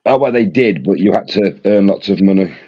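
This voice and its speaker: A man's voice: deep voice, animated, a little fast, mellow, husky, lo-fi sound. A British man in casual chat, wry and rambling, often restarting his sentences.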